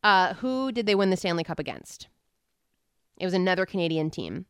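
A woman's voice: on the low side, animated, a bit bright, clean tone, no echo, clean studio sound. A young adult woman co-hosting a podcast, chatting and riffing playfully. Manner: playful, riffing, quick asides. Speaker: podcast co-host. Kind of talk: casual comedic chat.

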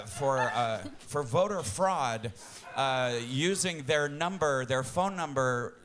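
Guy telling a made-up backstory with lots of uhs, guitar music under him. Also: medium pitch. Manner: halting, filler-heavy storytelling. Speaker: improv narrator. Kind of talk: improvised mock-documentary narration.

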